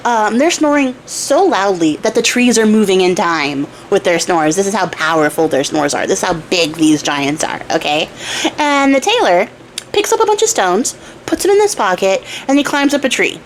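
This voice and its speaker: A woman's voice: medium pitch, expressive, normal speed, a little hiss or hum. A young woman retelling a fairy tale in a chatty, irreverent way with casual swearing. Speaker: storyteller and crafter. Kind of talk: casual storytelling.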